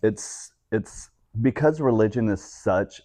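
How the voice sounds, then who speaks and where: A man's voice: fairly low pitch, slow pace, no echo, studio quality. A man in his forties from Texas, a guest telling personal stories in a casual interview and acting out the voices of the people he quotes. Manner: animated storyteller who acts out quoted voices.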